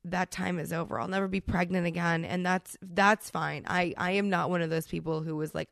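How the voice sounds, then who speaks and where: Thirties woman, podcast host, chatty and candid, a bit congested, lowish gravelly voice. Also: fairly even intonation, moderate pace, hardly any pauses, a bit bright, dry recording, studio quality. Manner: candid and chatty, with frequent restarts. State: congested from a cold. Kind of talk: solo podcast monologue.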